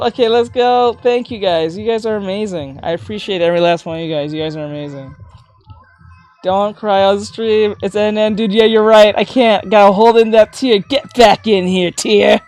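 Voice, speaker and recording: A woman art teacher chatting casually on a livestream while drawing, gushing with thanks and breaking into excited shouts. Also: medium pitch. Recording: faint music behind.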